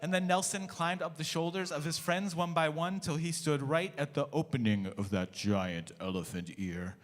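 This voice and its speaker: Man, worship leader, storytelling, fairly high voice, long church reverb, faint music. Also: normal speed. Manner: animated, expressive. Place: church sanctuary.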